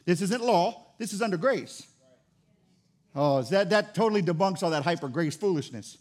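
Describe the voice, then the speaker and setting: Pastor, male, very high and animated delivery, playful sermon with jokes. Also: normal speed. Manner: lively, joking, preaching with acted-out asides.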